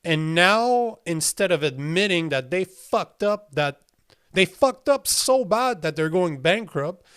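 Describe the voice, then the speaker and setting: A man's voice: high voice, lively intonation, slow, a bit bright, clear, resonant tone. A man hosting his own show, ranting in a heated, profane way, breaking into incredulous laughs while he reads viewer comments aloud. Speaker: podcast host. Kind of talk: livestream commentary reading chat.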